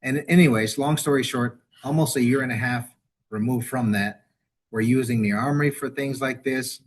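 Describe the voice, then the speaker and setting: A middle-aged man who directs veterans services at a university joins a webinar as a guest over a video call, speaking at normal speed in a medium-pitched voice. He rambles, restarts sentences and repeats words, growing animated when he quotes someone, in a conversational interview with a little hiss or hum on the line.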